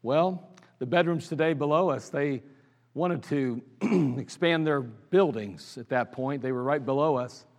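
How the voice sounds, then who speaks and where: A man with an Ohio accent, a pastor telling his church's history in an anniversary sermon, animated and laughing at his own stories. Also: on the high side, unhurried. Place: church sanctuary. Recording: church service recording with long hall reverb.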